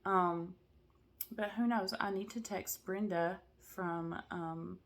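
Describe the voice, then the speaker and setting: Woman vlogger, casual and rambling, slightly low voice, sounds tired; good for a relaxed home chat. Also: slow pace. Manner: chatty, rambling, many fillers and asides. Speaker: cross-stitch vlogger.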